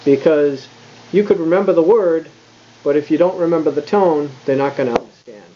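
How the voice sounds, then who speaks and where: A man talking casually through a vlog lesson, thinking aloud with fillers and restarts, and slowing right down when he demonstrates tones. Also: on the high side, muffled recording, slight background noise. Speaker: language learner explaining Mandarin tones.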